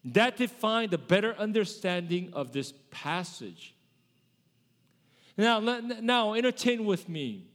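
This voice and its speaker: A male pastor delivers a sermon in a relaxed, conversational style, often stopping to correct himself. His voice sits a little high. The sound carries a long reverb, like a large church sanctuary. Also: takes it slowly. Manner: conversational preaching with self-corrections.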